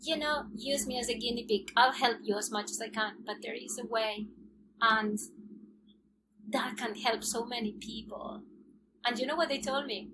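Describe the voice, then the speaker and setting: A woman guest in an interview, telling a personal story in a lively way and acting out the dialogue. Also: a little high, moderate pace. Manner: animated storyteller who acts out quoted dialogue and laughs often. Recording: noisy recording.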